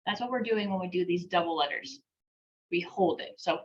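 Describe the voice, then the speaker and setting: A woman teaching an online language class, patiently breaking words into syllables and repeating them slowly, with a light laugh now and then. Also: lowish voice. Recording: dull lo-fi class recording.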